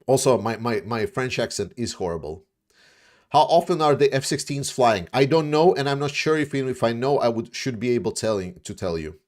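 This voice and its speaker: Speaking at normal speed with lively intonation and a medium pitch, this YouTube war commentator casually answers viewer questions and comments. His blunt talk is full of restarts and fillers, plus the odd swear word.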